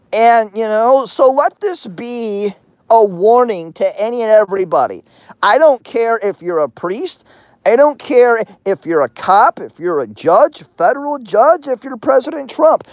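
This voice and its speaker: A woman's voice: fairly high pitch, no room sound. A woman hosting her channel in a crude, threatening, meandering rant full of fillers. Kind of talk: profane vlog rant.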